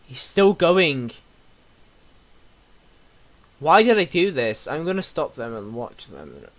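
A man's voice: mid-range voice, huge pitch swings, moderate pace, fairly bright tone. A young man talks his way through a video game, rambling and joking. He scolds and teases the characters on screen. His voice sits in an ordinary middle range for a man. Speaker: gamer. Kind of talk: casual let's play commentary.

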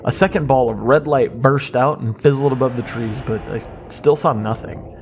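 A man reads a horror story at a middle pitch, measured and suspenseful. His delivery stays steady and drawn out, with a faint hiss behind it. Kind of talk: scripted creepypasta narration.

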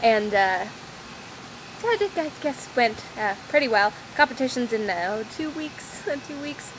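A woman's voice: fairly high pitch, sing-song, measured pace, rough recording. A young woman chatting casually in a scattered, rambling daily vlog, filmed outdoors on a windy, rainy walk. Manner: rambling, scattered, self-deprecating. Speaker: vlogger. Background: wind and outdoor ambience.

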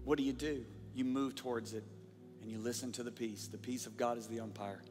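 A middle-aged man preaching a sermon, telling stories animatedly and swinging between shouting and quiet asides. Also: mid-range voice, steady tone, brisk. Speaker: pastor. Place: large church or auditorium. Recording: reverberant hall with music.

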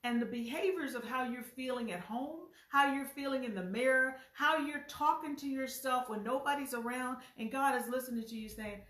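A woman's voice: high voice, normal speed, few pauses, a bit bright, recorded from a distance. A woman giving an emphatic, earnest devotional sermon, acting out voices in short asides. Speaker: preacher. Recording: echoey room, voice from off mic.

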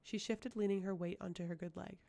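Woman reading a fantasy audiobook, mellow dark voice, lots of vocal fry, steady pace. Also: mid-range voice, a little fast. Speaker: audiobook reader. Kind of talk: audiobook narration.

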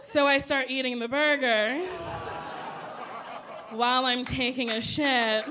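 A woman's voice: sits high, takes it slowly, a crowd in the background, noisy background. A woman comedian telling a stand-up story, acting out the voices of the people in it. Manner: animated, playing out voices of people in her story.

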